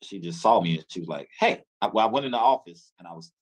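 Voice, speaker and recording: A man from Memphis, telling his story as an interview guest, acting out dialogue with halting restarts. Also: deep voice, lively intonation, rough recording. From Memphis, USA. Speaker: interview guest, music executive.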